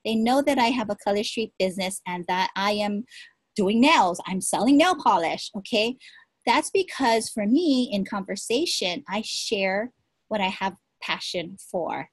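A woman giving an energetic, encouraging motivational talk as a sales team leader, repeating her points, recorded at her desk. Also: medium pitch, a little slow, breathy edge, dry recording. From Hawaii.

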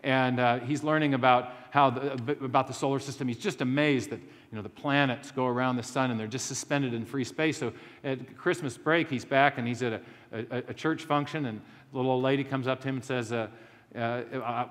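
A man's voice: mid-range voice, steady tone, brisk, fairly bright tone. A man giving a public lecture as anecdotal storytelling, with frequent restarts and self-deprecating humor. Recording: long hall reverb.

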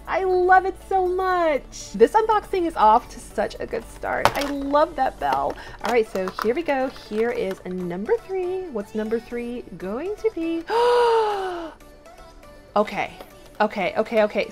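A woman with a very high, bright pitch hosts a toy unboxing vlog, gasping and gushing over every piece. Light music plays faintly underneath her voice. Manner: gushing, gasps and exclaims often. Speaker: toy unboxing channel host.

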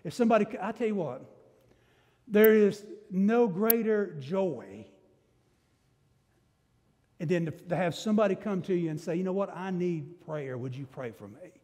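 A man's voice: sits high, lively intonation, unhurried, pauses often, warm tone. A man preaching a sermon as pastor, emphatic, with rising bursts and rhetorical questions to the congregation. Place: church sanctuary. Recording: long church reverb.

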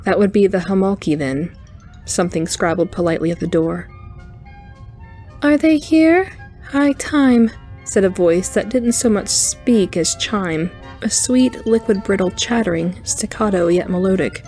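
A woman narrating a novel as an audiobook in a measured, expressive reading voice. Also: on the low side, soft background music. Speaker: audiobook reader.

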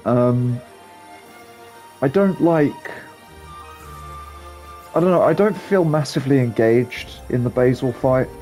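A man's voice: medium pitch, slow, long pauses, warm tone, soft background music. A young man giving casual, rambling gameplay commentary as a channel host, hesitant and full of ums.

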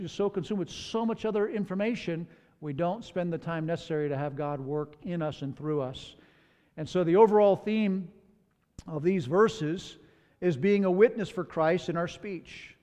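A man's voice: high-pitched, darkish tone. A man pastor preaching a sermon in a conversational way, with personal asides, in a church sanctuary. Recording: long hall reverb.

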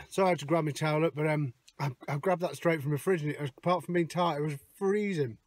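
A man's voice: on the high side, fast, dry recording. A middle-aged Englishman with a slightly raised voice talks to his viewers while out in a field. He thinks aloud over each find and keeps up a running, casual commentary. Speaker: metal detecting vlogger.

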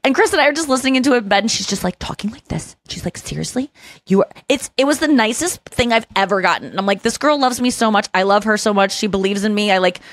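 A young adult woman hosting a podcast, telling animated stories in casual chat and acting out what others said. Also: medium pitch, quick pace, no echo. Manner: animated storytelling, acts out quoted voices. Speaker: podcast host.

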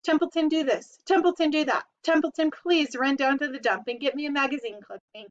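A woman's voice: a little high, normal speed, a bit bright, close to an everyday voice. A woman voicing a lazy, sarcastic male rat in a read-aloud storybook, grumbling and mocking. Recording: dull lo-fi recording.

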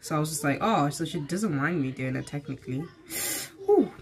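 A woman's voice: low-pitched, lively intonation, a little fast. Chatty playful young woman vlogging. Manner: playful, chatty, self-deprecating. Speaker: daughter, vlogger. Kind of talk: casual vlog chat. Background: loud music.

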